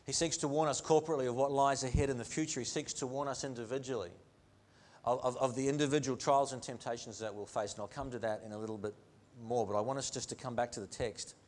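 A man's voice: mid-range voice, fairly even intonation, fast talker, darkish tone. A male pastor preaching a sermon in a church, earnest, with repeated phrases and rhetorical questions. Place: church sanctuary.

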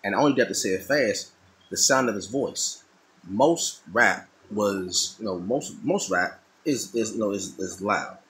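A man's voice: fairly low pitch, expressive, measured pace, a bit bright, rough recording. A middle-aged man talking casually and thoughtfully, often repeating and restarting his phrases. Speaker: artist talking while drawing. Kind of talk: casual monologue.

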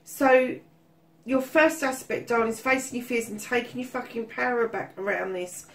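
A woman's voice: on the high side, moderate pace, a bit bright. A woman giving a casual tarot reading, swearing freely and calling listeners darling. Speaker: tarot reader.

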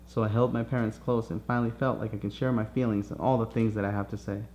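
A man reading his own children's book aloud in a soft, reassuring storybook manner. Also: on the low side, level tone, fast talker, highs cut off, a little hiss or hum.

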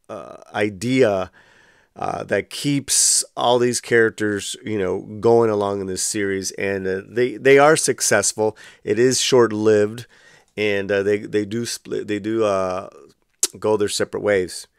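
A man giving a casual spoken review, talking with many fillers and restarts and growing animated when worked up. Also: fairly low pitch, clean tone, no echo, studio quality.

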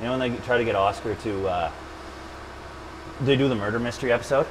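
A man in a server lab walks through a storage cluster setup in an easygoing, chatty way, cracking jokes and wandering into side comments. His voice sits at an ordinary middle pitch. A faint hum of room noise runs under the talk. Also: quick pace. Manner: joking, chatty, rambling asides. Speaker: storage engineer presenting a build. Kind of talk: casual hands-on tech demo.

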